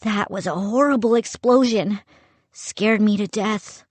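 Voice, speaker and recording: A woman's voice: medium pitch, unhurried, darkish tone, no room sound, close to an everyday voice. A woman voicing a scared young boy in a storybook reading, talking in a shaken, breathless way.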